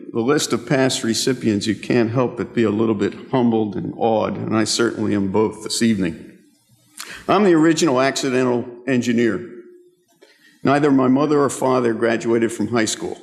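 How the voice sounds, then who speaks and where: A man's voice: mid-range voice, creaky. A man in his sixties giving a formal award acceptance speech at a rostrum, self-deprecating and humorous as he tells stories. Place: large ceremony hall, at a rostrum. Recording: long reverb of a large hall.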